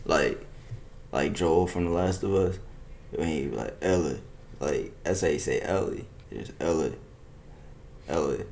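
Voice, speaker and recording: A man's voice: deep voice, measured pace, a little mellow, slight background noise. A young man in casual chat, hesitant and laid-back, full of slang and laughter.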